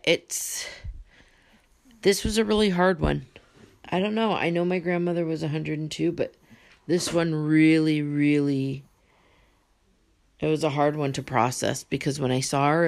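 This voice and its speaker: A woman from Canada hosts a solo podcast, talking casually into a close mic. Her voice has a gravelly fry, and she moves between wisecracks and open talk about her life. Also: sits low. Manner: chatty, joking and candid. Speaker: podcast host.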